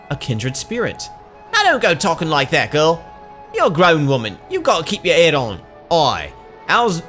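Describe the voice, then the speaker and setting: A man voicing a chatty, scatterbrained cockatrice bird in a broad working-class British dialect. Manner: bright, high, cheery sing-song.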